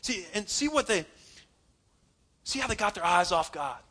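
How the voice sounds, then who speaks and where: A man's voice: high voice, lively intonation, normal speed, sharp tone. A man preaching a sermon in an emphatic, conversational way, laughing now and then as he talks to his congregation. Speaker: pastor.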